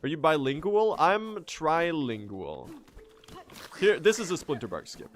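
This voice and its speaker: A man's voice: on the high side, very animated, unhurried. A man from Sweden with an American-sounding accent, chatting casually with his viewers while speedrunning a game and swearing now and then. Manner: chatty, swears, answers chat questions. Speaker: streamer.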